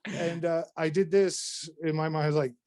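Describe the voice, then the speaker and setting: With a fairly high pitch and an unhurried pace, this North Carolina man rambles through a long, animated story as a guest on a podcast. He swears casually and restarts many times, and there's slight background noise.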